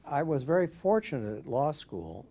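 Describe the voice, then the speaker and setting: Older man, oral history interviewee, mellow warm tone, measured reminiscing. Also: on the high side, big pitch swings. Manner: measured, thoughtful, frequent restarts and fillers.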